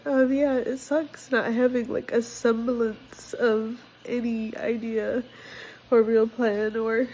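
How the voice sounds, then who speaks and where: A woman's voice: on the high side, darkish tone, slight background noise, rough recording. A young woman vlogging casually about her life, candid and direct, emotional and sick with a cold. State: sick, congested. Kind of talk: casual personal vlog.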